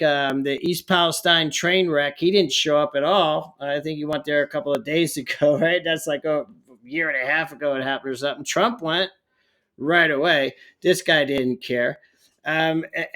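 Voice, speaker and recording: A man's voice: sits high, a bit bright. A man ranting heatedly in a political commentary vlog, often stumbling over his words.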